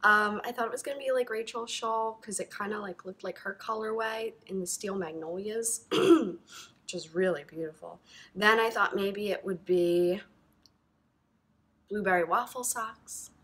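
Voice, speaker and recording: A woman's voice: medium pitch, unhurried, a bit bright. A woman hosting a knitting podcast, chatting to camera in a gushing, rambling way full of ums and likes. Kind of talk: casual chat to camera.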